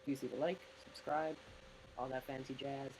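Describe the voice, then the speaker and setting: A man's voice: medium pitch, steady tone, normal speed, noisy background. A young man telling a childhood story in a rambling, casual way while commenting over gameplay. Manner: rambling, full of "like" fillers. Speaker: gaming commentator. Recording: loud game gunfire behind voice. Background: game gunfire.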